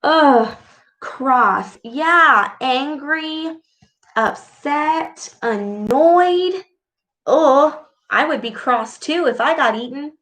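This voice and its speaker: Woman, children's story read-aloud, expressive, exclamatory, unhurried, echoey room. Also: sits high. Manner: expressive, full of gasps and exclamations. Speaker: speech clinician reading to children.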